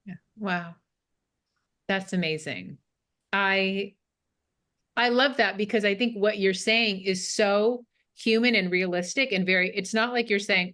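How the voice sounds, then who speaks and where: A woman hosting a casual interview podcast, lively and affirming, acting out her own past thoughts as quotes. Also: mid-range voice, unhurried. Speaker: podcast host.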